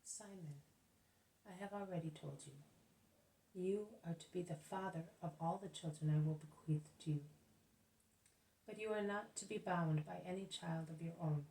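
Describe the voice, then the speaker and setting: A woman voicing Jesus as a gentle, kindly male teacher in a spoken religious audiobook, with soft, measured speech. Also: lowish voice, distant mic, close to an everyday voice. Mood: tender. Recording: echoey room, voice off-mic.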